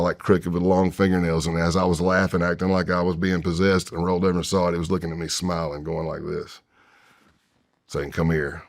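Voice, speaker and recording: This man's voice is low and a little mellow. A retired U.S. federal agent in his fifties, he's a guest on a long-form podcast, casually telling an extended personal story with candor, rambling and restarting often.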